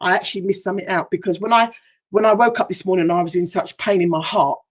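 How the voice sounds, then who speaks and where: Middle-aged woman, breathy voice, heartfelt personal story, emotional retelling, livestream talk. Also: lowish voice, quick pace. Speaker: hypnotherapist. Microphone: livestream setup.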